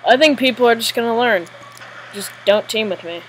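A woman commentating her own gameplay live, excitable and jittery, often giggling. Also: fairly high pitch, fairly quick, a little hiss or hum, low-quality recording. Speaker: gamer.

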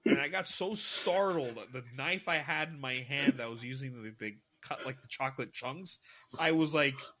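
A man's voice: mid-range voice, moderate pace, bright, forceful tone. A young man in his twenties, co-hosting a podcast, rambling casually with lots of fillers and restarts. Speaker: podcast co-host. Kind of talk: casual chat.

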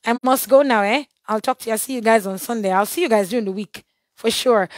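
A hoarse woman hosting a live stream, giving churchy blessings and greeting viewers one by one. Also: fairly high pitch, a little fast, dry recording. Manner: warm churchy blessings and shout-outs. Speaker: livestream host.

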